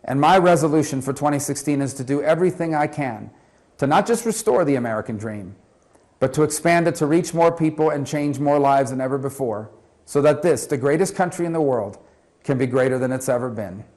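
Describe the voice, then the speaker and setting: Brief: male senator, prepared upbeat greeting, somewhat high voice. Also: brisk, darkish tone. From Florida. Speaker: senator and presidential candidate. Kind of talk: recorded New Year greeting.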